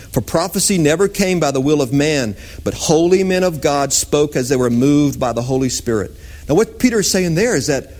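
A pastor preaching with a husky edge to his voice. He moves between high, excited exclamations and low, hushed tones. He talks in an easy, conversational way. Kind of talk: sermon.

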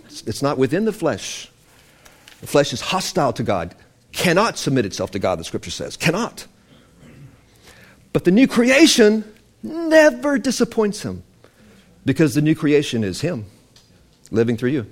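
A man preaching, emphatic and animated, quoting scripture as he teaches. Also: a little high, moderate pace, long pauses. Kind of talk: sermon-style teaching.

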